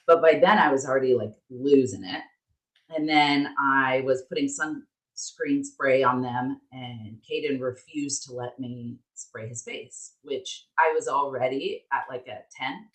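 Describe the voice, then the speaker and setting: A woman co-hosting a podcast, telling a story in an animated, candid way and swearing freely. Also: extremely low pitch, unhurried. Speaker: podcast co-host. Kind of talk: casual storytelling chat. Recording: roomy echo.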